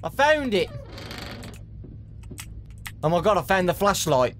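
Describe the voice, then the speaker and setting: A man's voice: high-pitched, sing-song, takes it slowly, faint music behind. A young man playing a horror game for viewers, talking his way through it with nervous, jumpy muttering. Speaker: gaming YouTuber. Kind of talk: horror game let's play commentary.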